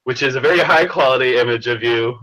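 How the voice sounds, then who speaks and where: A man's voice: medium pitch, fast talker, pushed and bright, soft background music, low-quality recording. A tired Canadian man from British Columbia, chatting casually on a video call, rambling and laughing as he talks. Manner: rambling, self-interrupting, laughs often.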